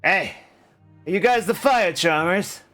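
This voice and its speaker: A small, touchy kobold adventurer who brags about himself, as a male game master puts him on. His voice sits a little higher than the narrator's, with faint music under it. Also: lively intonation, unhurried, fairly bright tone. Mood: eager.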